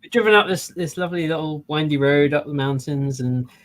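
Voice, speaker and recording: A man's voice: on the high side, brisk, rough recording. A man on a casual podcast, telling a story with lots of fillers and restarts. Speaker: podcast co-host. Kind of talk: casual chat.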